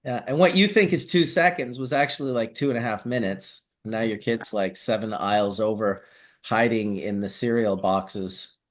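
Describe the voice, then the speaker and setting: A man hosting a casual chat, telling animated stories and swearing casually. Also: on the low side, normal speed. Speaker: host.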